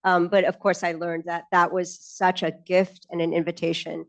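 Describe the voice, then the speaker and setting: A woman's voice: fairly low pitch, flat delivery, normal speed, creaky. A middle-aged woman on a lecture panel, eagerly recalling her years with her mentor. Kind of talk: personal reminiscence.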